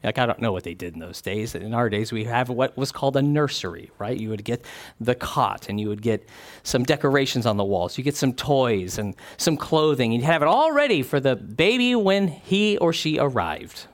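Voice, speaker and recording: Animated male preacher, lively pitch. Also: normal speed. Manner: animated, acts out quoted voices with sudden drops. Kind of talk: sermon.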